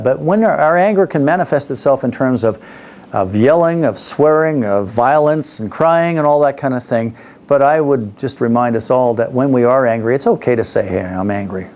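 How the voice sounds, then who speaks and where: A man's voice: mid-range voice, a little mellow, slight background noise. A middle-aged man from Canada, a business speaker, telling a story in a conversational way, with fillers and restarts. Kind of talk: storytelling talk.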